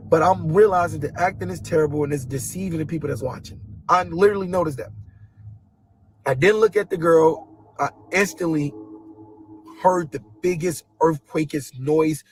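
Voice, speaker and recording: A man earnestly telling a dramatic personal story, acting out booming noises as he goes. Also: rough recording. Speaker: guest telling a personal testimony.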